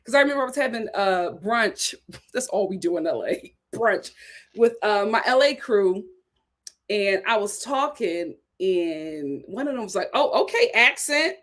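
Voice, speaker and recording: A young woman with a light Philadelphia accent hosting a casual live-stream chat, talking in an animated way with frequent "right?" asides. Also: mid-range voice, measured pace. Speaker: host reviewing a reality show.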